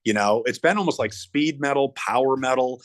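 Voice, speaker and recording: Middle-aged male guest musician, casual chat, excitable, trips over his words, mid-range pitch. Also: brisk. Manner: animated, stumbles and repeats words.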